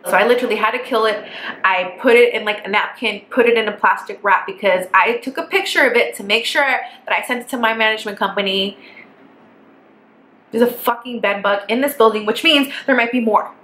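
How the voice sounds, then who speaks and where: Young woman ranting through a bright, echoey storytime. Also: on the high side, brisk. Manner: animated, profane, exasperated storytelling. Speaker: vlogger. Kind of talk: casual storytime vlog. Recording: echoey room with faint background hiss.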